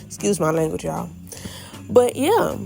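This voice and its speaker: A young woman tells a storytime vlog in a casual, animated way, talking straight to her viewers and acting out what people said. Her voice sits fairly low with a gravelly fry, and soft music plays underneath. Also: measured pace. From Florida. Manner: animated, addresses viewers as y'all, acts out quotes. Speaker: vlogger.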